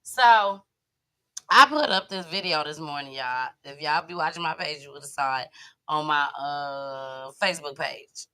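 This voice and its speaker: A woman's voice: low-pitched, measured pace, sharp tone. A woman hosting a live online show, chatting casually and telling a story to her viewers. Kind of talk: casual livestream chat.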